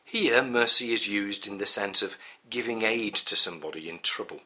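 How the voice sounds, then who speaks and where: A middle-aged man reading a Bible teaching in a measured, earnest way. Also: on the low side, sharp tone. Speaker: preacher.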